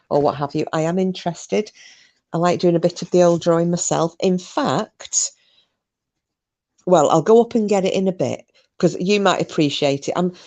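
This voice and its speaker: A woman's voice: on the low side, darkish tone. A woman hosting a live stream, chatting casually, gossipy and sweary, reading out comments.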